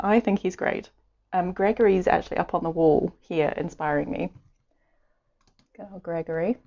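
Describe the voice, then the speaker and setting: Irish girl giggling n chatting while drawing, mellow voice, bit of a muffled stream mic. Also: on the low side. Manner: chatty, giggly, talks to herself while sketching. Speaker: art streamer. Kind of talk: casual chat while drawing. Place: home room. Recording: dull lo-fi stream audio.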